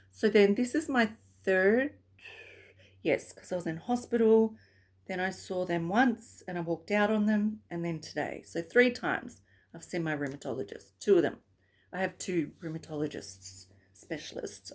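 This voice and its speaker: A woman vlogger talking casually to camera, rambling and chatty, breaking into laughs often. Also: medium pitch.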